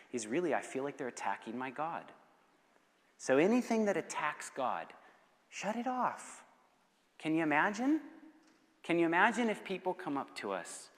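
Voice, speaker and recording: A man giving a passionate youth sermon and answering students' questions, swinging between loud urgency and hushed intensity. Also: medium pitch, very animated, normal speed, in a large hall. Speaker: guest speaker. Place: school assembly hall.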